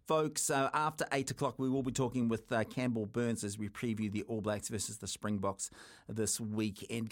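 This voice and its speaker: A man from New Zealand hosting a sports radio show, chatting casually and teasing his co-host. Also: mid-range voice.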